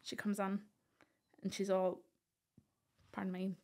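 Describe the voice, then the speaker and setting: As a podcast guest, a woman earnestly tells her own story in conversation, acting out the lines of the people involved. Her mid-pitched voice is fairly flat in intonation and her pace is measured.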